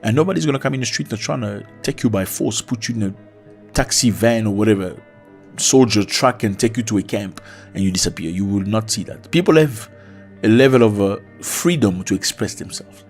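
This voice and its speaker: Guy ranting on his commentary channel, blunt and preachy, loud then muttering, faint music behind. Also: a little fast. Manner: blunt, preachy, swings between loud outbursts and low mutters. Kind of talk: opinionated commentary.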